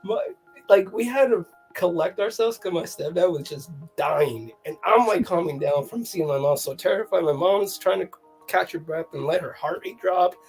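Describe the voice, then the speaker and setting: A guest telling a funny family story in a casual chat, animated and often laughing, with a slightly husky voice. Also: medium pitch, moderate pace, soft background music.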